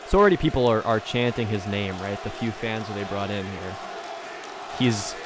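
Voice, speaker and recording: A man's voice: lowish voice, normal speed, a crowd in the background, background noise. Joking podcast co-host, a man. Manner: animated, joking, does mocking impressions. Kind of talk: casual chat.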